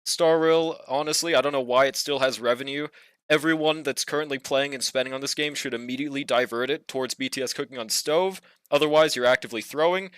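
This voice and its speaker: A man's voice: mid-range voice, fast talker, fairly bright tone, clean tone, no echo, studio quality. A young man streaming a game, chatting casually with viewers, slangy and laid-back, swearing and laughing often. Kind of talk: casual livestream chat while gaming.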